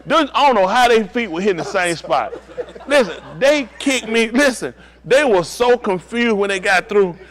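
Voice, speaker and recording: A man telling a personal story in a casual, animated way, laughing often and acting out what others said. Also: high voice, normal speed.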